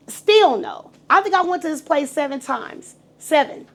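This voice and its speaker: A middle-aged woman telling her story on a podcast in a casual, animated, profane way, acting out the voices of the people in it. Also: sits high, normal speed, gravelly, hardly any pauses. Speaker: guest.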